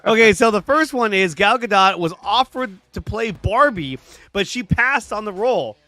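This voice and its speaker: A man's voice: sits high, lively intonation, normal speed, pushed and bright, dry recording. A man co-hosting a casual podcast, chatty and pressing his co-host with questions. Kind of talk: casual chat.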